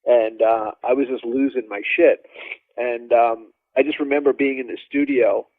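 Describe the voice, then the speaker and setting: Brief: male musician guest, lively storyteller, phone-quality dry audio. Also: medium pitch, normal speed, dry recording. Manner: animated, rambling, acts out quoted dialogue. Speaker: drummer guest. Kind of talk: casual storytelling interview. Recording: dry tinny phone-like line.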